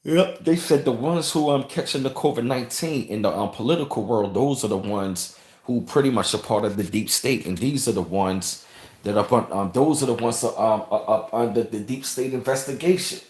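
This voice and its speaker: A man's voice: mid-range voice, moderate pace, darkish tone, echoey room. A man hosting a casual livestream, rambling, repeating himself and thanking viewers from the chat. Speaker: channel host reading live chat.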